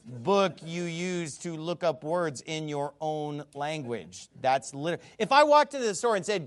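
A man giving an emphatic, scornful video monologue about scripture, stumbling over repeated words and bursting into loud shouts. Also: fairly high pitch, big pitch swings, unhurried, hardly any pauses. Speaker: Bible commentator.

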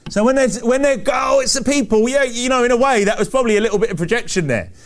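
Male preacher, high register, emphatic repeating sermon delivery. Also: racing. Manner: emphatic, repetitive preaching cadence with rhetorical questions.

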